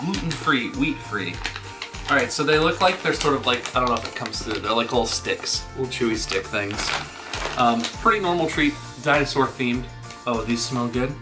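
Brief: man, casual unboxing host, playful and chatty with the dog, very lively pitch, music underneath. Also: normal speed.

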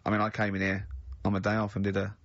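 A man's voice: on the low side, completely flat delivery, fast talker, fairly bright tone, no echo, lo-fi sound. A man hosting a radio show in casual chat, rambling through anecdotes and laughing often.

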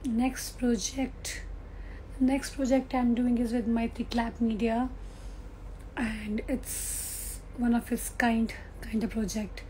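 A young actress, hoarse and losing her voice, chatting casually with fans on a phone livestream. She laughs often, slips into a near-whisper and switches languages mid-sentence. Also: fairly high pitch, little pitch movement, slow pace, warm tone, a little hiss or hum, low-quality recording. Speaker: film actress. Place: on a film set during a break.

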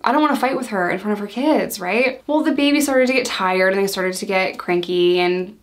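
A woman in her thirties telling a personal story in a chatty, exasperated way, quoting herself and others in quick bursts. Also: mid-range voice. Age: 30s. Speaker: storytime vlogger. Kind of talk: casual storytelling.

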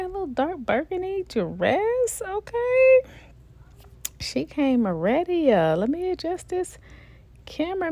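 A woman's voice: fairly low pitch, vocal fry, a little mellow. Gushing woman unboxing a doll. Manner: gushing, repeats herself, talks to viewers directly. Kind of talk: excited unboxing chatter.

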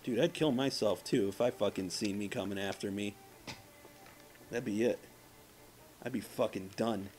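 A man's voice: fairly low pitch, normal speed, long pauses, a little mellow, faint music behind. A man casually commenting on his gameplay, profane and self-mocking, trash-talking the game's enemies. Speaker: let's play gamer.

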